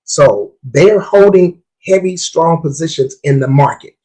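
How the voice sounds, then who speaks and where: A man hosts a podcast on investing. His voice is husky and slightly rough. He talks in an emphatic, preachy way and repeats points for effect. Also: a little high, a little slow, few pauses, dark tone, poor audio. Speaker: podcast host. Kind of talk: casual podcast talk on investing.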